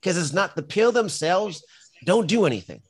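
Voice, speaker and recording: A man's voice: sits high, sing-song, moderate pace, husky. Blunt, emphatic middle-aged man. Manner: emphatic, blunt, storytelling with frequent restarts. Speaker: podcast guest, firefighter and company founder. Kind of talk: casual interview talk.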